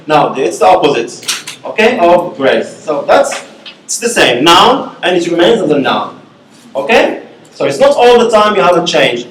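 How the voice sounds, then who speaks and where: A man's voice: fairly high pitch, fairly bright tone, a little hiss or hum. A male university lecturer teaching a class, repeating key words and checking in with "okay?" often. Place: echoey classroom. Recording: echoey room from far off.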